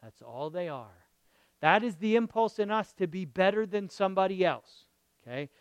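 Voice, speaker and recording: A man preaching a conversational sermon as a pastor, jumping from loud emphatic lines to quiet murmured asides and checking in with his listeners. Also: high-pitched, animated, normal speed, clear, resonant tone, no echo, highs cut off. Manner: checks in with the audience, asking okay and right.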